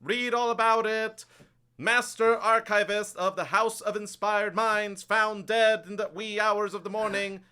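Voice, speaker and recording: A loud street-corner newspaper hawker bellows his headlines in a high, strained voice, as a man puts him on for a tabletop game. The voice is bright and clean, each cry pushed out hard. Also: flat delivery, unhurried, clear, resonant tone. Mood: bellowing. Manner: loud, repeated cries.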